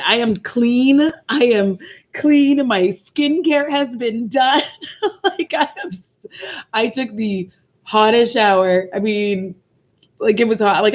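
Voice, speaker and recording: Woman livestreamer, tearful but laughing, loose and profane, casual chat. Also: medium pitch. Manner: emotional, laughing through tears, swearing freely. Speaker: vlogger.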